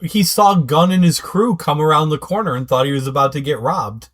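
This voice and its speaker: A man's voice: a little high, brisk, fairly bright tone. A man co-hosting a podcast, casually explaining plot points to his partner. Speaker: podcast co-host. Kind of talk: casual recap chat.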